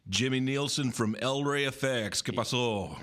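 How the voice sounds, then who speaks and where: A man with a Southern Californian accent, a guest in casual chat, telling relaxed stories sprinkled with Spanish slang. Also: medium pitch, normal speed. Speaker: guest, pedal builder.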